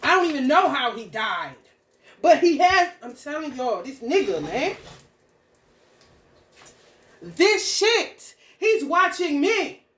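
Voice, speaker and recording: A woman's voice: high-pitched, very animated, slow, long pauses, a bit bright, reverberant. A woman ranting angrily, confrontational and full of swearing. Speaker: spiritual content creator. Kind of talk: profane stream-of-consciousness rant.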